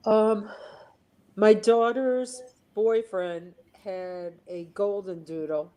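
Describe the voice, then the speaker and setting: A woman caller speaks in a warm, mellow voice. She talks softly and haltingly while receiving a reading. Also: mid-range voice, fairly even intonation, low-quality recording.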